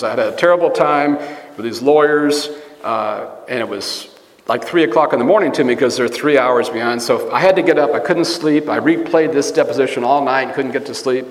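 A man's voice: medium pitch, a little fast. A man giving a conversational sermon, telling rambling personal stories and correcting himself as he goes. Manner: storytelling, rambling, self-correcting. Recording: echoey hall with long reverb.

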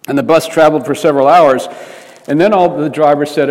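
A man's voice: on the high side, steady tone, fairly quick, a little mellow. A man preaching by telling a story, in an earnest manner that often restarts phrases. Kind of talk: storytelling sermon. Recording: reverberant hall.

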